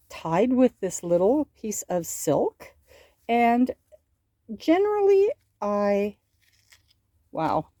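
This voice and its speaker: Middle-aged woman, crafting vlogger, slow and mellow, chatty show-and-tell. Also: medium pitch, no room sound. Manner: chatty, gushing over crafts.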